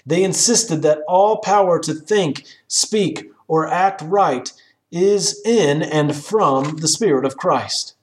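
A man with a rather high voice delivers a historical sermon as a reading. His manner is solemn and measured, and his rhetorical questions rise in force. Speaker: sermon reader. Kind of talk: read-aloud historical sermon.

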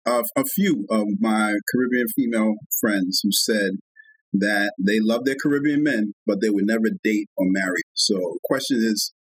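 A man guest-hosting a casual podcast, relaxed and friendly, repeating phrases as he eases into questions. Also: fairly low pitch, moderate pace, husky, dry recording, poor audio. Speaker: guest host asking questions. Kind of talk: casual chat.

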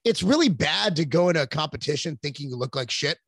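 Gravelly man rambling and cursing. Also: fairly high pitch, lively intonation, fast, no room sound. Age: 40s. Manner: rambling, profane storytelling. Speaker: podcast guest. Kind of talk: casual podcast chat.

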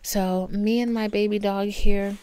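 A woman's voice: medium pitch, steady tone, unhurried, clean tone, no echo. Profane, candid woman podcast host. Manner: candid and profane, warm pep-talk asides. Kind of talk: casual solo podcast monologue. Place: indoors at home with her dog. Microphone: camera recording.

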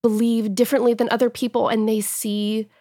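Emotional woman author, thirties, warm laughter, close dry mic. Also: a little high, little pitch movement, a little fast, no room sound. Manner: heartfelt, emotional, laughs often. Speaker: author guest. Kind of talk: podcast interview.

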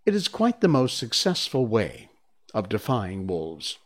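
Slow, expressive man reading aloud. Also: fairly low pitch. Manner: lively, expressive, chatty with fillers. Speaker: streamer reading a book aloud. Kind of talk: read-aloud narration and casual stream chat.

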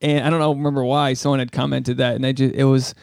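A man from New England co-hosting a casual podcast chat, rambling and animated, joking at his own expense. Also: medium pitch, fast, vocal fry, clean tone, no room sound, studio quality. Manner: rambling, animated, self-mocking. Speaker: podcast co-host. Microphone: studio microphone.

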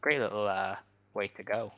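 A man's voice: fairly low pitch, pushed and bright, no room sound. A man co-hosting a podcast in casual chat, opinionated and full of "like" and "um" asides. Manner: opinionated, quick asides with frequent "like" and "um". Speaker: podcast co-host.

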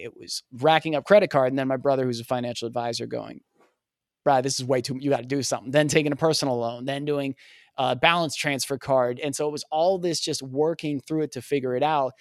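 A man guesting on a podcast, telling a personal story in an earnest, animated way and acting out the dialogue. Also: mid-range voice, no room sound, clean studio sound. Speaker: podcast guest, communication coach.

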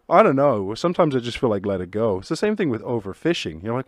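A man's voice: medium pitch, very animated, quick pace, few pauses, dry recording. A man hosting a solo podcast, rambling through jokey, profane musings in casual chat. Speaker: podcast host.

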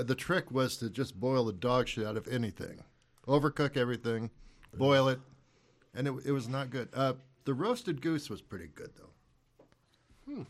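Man, casual podcast chat, relaxed storytelling, mid pitch.

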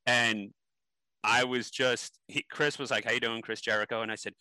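A man's voice: mid-range voice, a little fast, bright, forceful tone, dry recording, poor audio. A man being interviewed, telling stories animatedly with many ums and restarts. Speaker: interview guest. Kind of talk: casual interview storytelling.

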